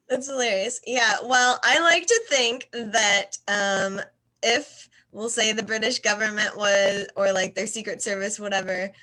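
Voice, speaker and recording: A woman's voice: mid-range voice, bright, forceful tone. A woman hosting a casual video-call chat, laughing often. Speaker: host.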